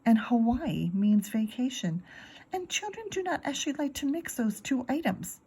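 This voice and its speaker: High bossy little schoolgirl voice for a storybook, as a woman puts her on, blunt and stubborn. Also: expressive, normal speed, mellow, breathy edge. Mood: earnest. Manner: blunt, matter-of-fact and stubborn. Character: spunky bossy little girl in first grade.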